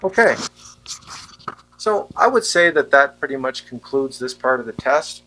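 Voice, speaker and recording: For a product test vlog, a man tries a wireless handheld microphone in a room with a running fan, plainly asking viewers whether his voice and the fan come through. His medium-pitched voice is animated, pushed and bright, and a little slow. The low-quality audio carries a faint fan hum.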